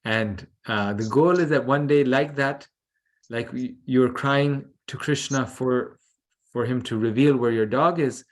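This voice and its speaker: A man teaching a scripture class over a video call, explaining gently and unhurriedly with small fillers. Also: mid-range voice.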